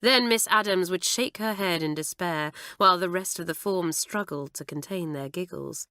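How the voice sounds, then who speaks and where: A woman reading a children's audiobook aloud in an expressive way, close to the mic. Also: on the low side, normal speed, smooth, no room sound. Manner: expressive, animated. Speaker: audiobook narrator.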